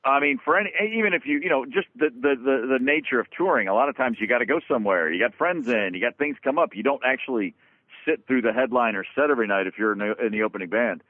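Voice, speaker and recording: A man, a guest drummer, tells road stories in an animated, casual way, swearing freely and restarting his sentences. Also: medium pitch, fast, dry recording. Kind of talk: casual storytelling interview. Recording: dry, phone-like lo-fi sound.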